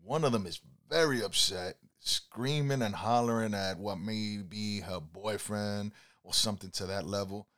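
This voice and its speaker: A man's voice: fairly low pitch, measured pace, fairly bright tone. A man telling stories from his driving and handing out life advice in a casual, preachy way. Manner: preachy, laid-back, many "you know"s. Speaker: driver telling passenger stories.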